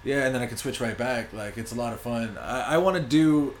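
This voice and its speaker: A man's voice: medium pitch, fairly quick, a little hiss or hum. A young man from Ontario, a stand-up comedian, chatting casually as a podcast guest, laid-back, swearing freely and laughing often. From Ontario, Canada. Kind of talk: casual chat. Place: apartment in Montreal.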